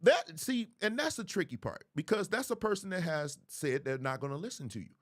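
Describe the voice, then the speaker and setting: A man's voice: high voice, expressive, fairly quick, fairly bright tone. A man, hosting a livestream commentary in an emphatic, preachy way, repeating phrases for effect. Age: 40s. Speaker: host.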